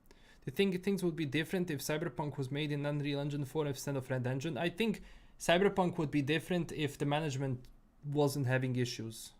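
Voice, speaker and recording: Easygoing Bosnian-accented young man, fairly high voice. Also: brisk. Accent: Bosnian-tinged English mixed with British and American sounds. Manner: easygoing, rambling, many fillers and repeats. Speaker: gaming streamer. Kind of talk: casual livestream chat answering viewers.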